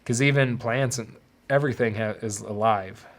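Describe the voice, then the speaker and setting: A male podcast host talking through his past in a confessional monologue. He pauses and restarts often, and he doubles words as he gathers his thoughts. His voice sits at an ordinary male pitch. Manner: halting, repeats words while searching for them.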